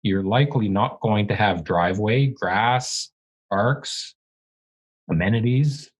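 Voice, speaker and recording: A man's voice: lowish voice, slow, breathy edge, poor audio. Heated, ranting man on a podcast. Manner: heated, ranting, blunt and profane. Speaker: real estate agent and podcast co-host. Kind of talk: casual podcast chat. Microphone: studio podcast microphone.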